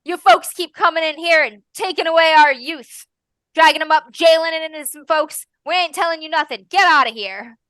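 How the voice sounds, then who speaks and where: A woman putting on angry rural townsmen from a tabletop game, rough and defiant with folksy speech. The voice runs high and bright, recorded dry and close. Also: a little fast, no room sound. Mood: hostile.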